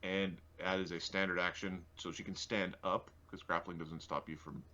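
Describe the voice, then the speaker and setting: A man playing a tabletop game, working through rules in an animated way. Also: low-pitched, moderate pace, muffled recording. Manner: animated, rule-checking. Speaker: player.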